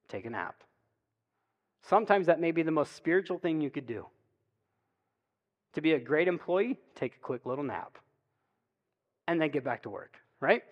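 Chatty pastor in a reverberant church. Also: male voice, on the high side, muffled recording. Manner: conversational, chatty storytelling with frequent "like" and "right?". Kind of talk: sermon. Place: church sanctuary. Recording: long reverb of a church hall.

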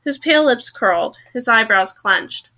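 A woman's voice: on the high side, expressive, normal speed, pushed and bright. A woman reading a novel aloud for a podcast, casual and correcting herself as she goes. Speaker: podcast book reader.

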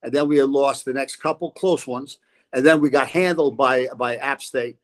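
A man's voice: mid-range voice, normal speed. An older man, a football coach, telling stories as a podcast guest and laughing often. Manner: lively storyteller, laughs often. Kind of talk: casual podcast chat.

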